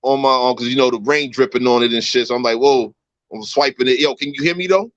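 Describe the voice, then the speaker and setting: A man in his thirties hosting a casual livestream chat, talking in an animated, slangy way. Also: medium pitch, fast, no room sound, lo-fi sound. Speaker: host. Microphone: phone.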